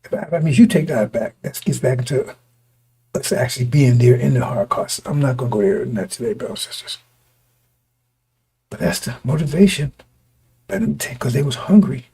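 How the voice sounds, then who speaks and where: A man preaching a sermon to his congregation, his voice going hoarse, talking in repetitive, stop-start bursts and often asking listeners whether they understand. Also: mid-range voice, lively intonation, a little fast, long pauses, dark tone. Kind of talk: street-style sermon to a congregation.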